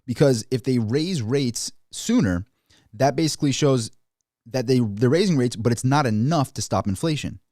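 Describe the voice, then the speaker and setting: Animated man giving market commentary. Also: moderate pace, dry recording, clean studio sound. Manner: animated, mimics officials in high mocking voices. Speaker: finance commentator.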